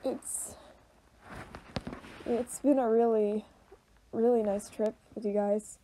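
Brief: young woman, choked-up reactor, slow and halting, soft mellow tone, faint hiss behind. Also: on the high side, fairly even intonation, poor audio. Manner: halting, full of fillers and restarts. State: choked up, voice tearful. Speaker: video reactor. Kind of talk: emotional reaction commentary.

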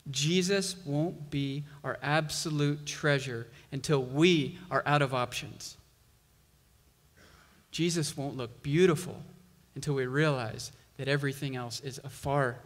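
Slow-preaching pastor in a reverberant hall. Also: male voice, mid-range voice. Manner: slow, emphatic preaching with rising intensity. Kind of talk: sermon.

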